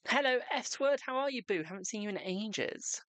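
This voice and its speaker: A man's voice: high-pitched, lively intonation, normal speed, fairly bright tone, smooth, no echo. Chatty man reading tarot live. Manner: chatty, affectionate, calls viewers darling and boo. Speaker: tarot reader hosting a live stream. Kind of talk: casual live-stream chat with viewers.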